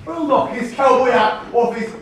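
A man plays a brash, bullying young boy in a very high voice, goading and daring the other children. He sounds far away on a very echoey stage. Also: moderate pace, a little hiss or hum.

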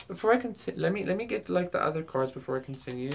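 A woman's voice: lowish voice, creaky, a little hiss or hum. A woman doing a casual tarot reading, rambling with many fillers and casual swearing. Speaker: tarot reader. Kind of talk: casual spiritual reading to camera.

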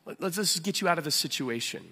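A man voicing Jesus in a calm, gently instructive way. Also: a little high, fast, slightly rough, in a large hall, full character voice.

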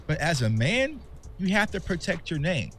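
A man's voice: fairly high pitch, sing-song, moderate pace, fairly bright tone, faint music behind. Impassioned man talking straight to fans. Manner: impassioned, candid, calls viewers "y'all". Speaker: sports content creator. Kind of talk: emotional vlog monologue to fans.

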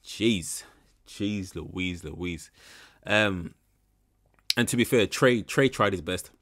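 A man's voice: sits low, slow pace, a bit bright. A young man giving rambling, frank commentary in a casual reaction video. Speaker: reaction channel host.

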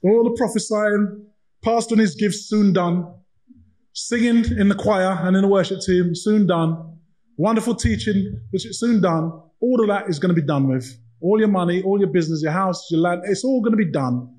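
A man, preaching a sermon as pastor and telling stories in an animated way, acting out the dialogue. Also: high voice, normal speed, rough recording.

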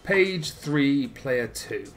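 Casual young guest gamer. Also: male voice, mid-range voice, lively intonation, drawn-out words, soft background music. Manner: casual, exclamatory reactions. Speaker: guest co-host. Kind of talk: casual gaming chat.

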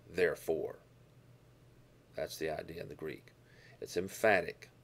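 A man teaching a Bible lesson, explaining verses and Greek words with deliberate emphasis on key words. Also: low-pitched, vocal fry.

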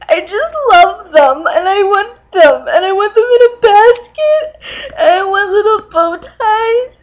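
A woman plays a high-voiced young woman filming her first dating video, hesitant and full of ums. She speaks slowly and keeps breaking into tears over her love of cats. It is a comedy sketch monologue. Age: young adult. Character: tearful cat-obsessed young woman dating hopeful. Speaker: online dating video intro.

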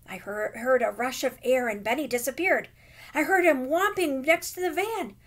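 A woman teacher reading a children's novel aloud with expressive, dramatic emphasis. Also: sits high, normal speed.

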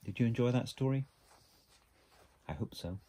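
A man's voice: mid-range voice, lively intonation, normal speed, dark tone. A man reading a children's picture book aloud, adding chatty asides to young listeners. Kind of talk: storybook read-aloud.

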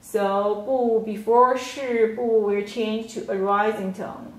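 Patient Chinese-accented woman teacher, very slow delivery, echoey room. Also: mid-range voice, steady tone, a little mellow. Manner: slow, patient, repeats words and tones aloud. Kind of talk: whiteboard language lesson.

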